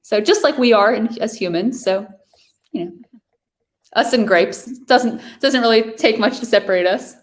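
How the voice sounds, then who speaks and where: A woman's voice: on the high side, moderate pace. A woman from New York hosting a virtual wine tasting over a video call, chatting casually and describing wines with enthusiasm.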